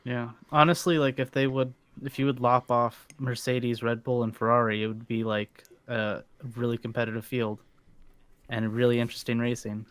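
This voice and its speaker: This is a man co-hosting a casual podcast. His voice sits at an average pitch. He talks in halting bursts full of "like" and "I mean." The sound is dry and close. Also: level tone, fairly bright tone, no echo. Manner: hesitant, restarts, says "like" and "I mean". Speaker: podcast co-host. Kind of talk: casual chat.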